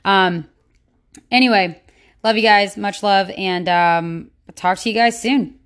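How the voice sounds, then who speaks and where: A woman's voice: medium pitch, unhurried, smooth. Rambling, chatty woman podcaster. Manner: rambling, many fillers and restarts, chatty and upbeat. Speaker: podcast host. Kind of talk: casual solo podcast chat.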